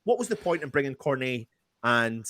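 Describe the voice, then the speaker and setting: A man's voice: medium pitch, sing-song, a little fast, fairly bright tone. Emphatic, frustrated man in a fan chat. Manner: frustrated, emphatic, repeats himself. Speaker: podcast panelist. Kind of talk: casual fan chat on a live stream.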